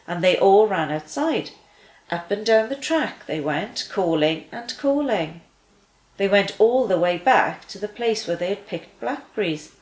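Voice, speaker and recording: A woman reading a children's story aloud with gentle, expressive delivery. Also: medium pitch, unhurried, roomy sound, poor audio.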